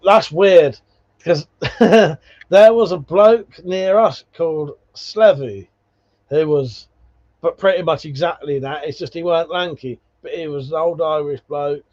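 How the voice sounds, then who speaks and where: A male livestream host chats casually with viewers, reading their comments and telling rambling stories packed with swearing and laughs. His voice is fairly high, unhurried, and a little mellow. The stream audio is dull and lo-fi.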